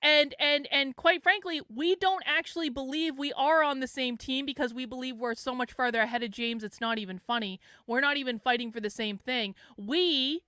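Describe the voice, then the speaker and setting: A high-voiced, bright woman hosts her own show in a heated commentary monologue. She sounds exasperated and rants, swears and circles back on her points, in a dry close recording with a smooth, clear tone. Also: normal speed, few pauses, dry recording. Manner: exasperated, ranting, swears, repeats herself. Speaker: podcast host.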